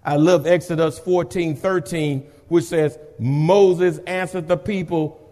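A man's voice: a little high, steady tone, slow pace, dark tone, big-room sound. A pastor preaching a sermon and reading scripture aloud, with dramatic call-and-response to his congregation.

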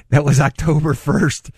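A man's voice: a little high, a little mellow, slightly rough, no room sound. Older guy on talk radio, rambly and chuckly, dry studio sound. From Northeast Ohio. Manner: rambling, chuckling, self-deprecating. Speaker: radio talk show host. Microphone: studio microphone.

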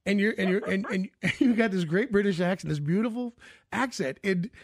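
A male radio host with a high, gravelly, slightly husky voice talks in a rambling, jokey way, his pitch swinging widely. He often trails off into fillers. The sound is close and dry, straight off a studio microphone. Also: moderate pace, no echo. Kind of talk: casual radio interview.

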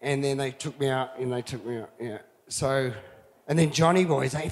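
A man's voice: high-pitched, measured pace, long reverb tail, noisy background. A man telling a wild surf story in casual, profane talk, acting out what people said and laughing through it. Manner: profane, animated, laughing, acts out quotes.

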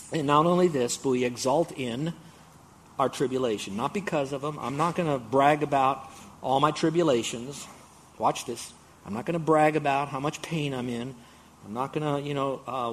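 A man preaching a sermon, talking straight to his congregation in a conversational way, now and then getting excited and acting out a game show host. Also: medium pitch, slight background noise. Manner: animated, bursts into excited game-show mimicry; conversational, addresses congregation directly.

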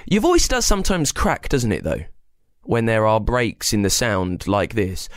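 Lively, slightly gravelly man explaining science. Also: fairly low pitch, a little slow, no room sound. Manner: playful, talks straight to young listeners. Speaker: host of a children's science podcast.

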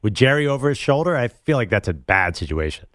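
A man's voice: medium pitch, sing-song, quick pace, fairly bright tone, no room sound, clean studio sound. A man co-hosting a sports radio show, chatty and promotional as he invites callers. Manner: chatty, plugs the phone lines.

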